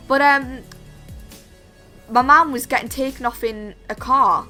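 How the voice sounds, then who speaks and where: Steady in tone yet sharp, this young woman's high voice moves at an unhurried pace over soft background music. She's a vlogger delivering a chatty storytime monologue to camera, her speech full of "like" and "literally."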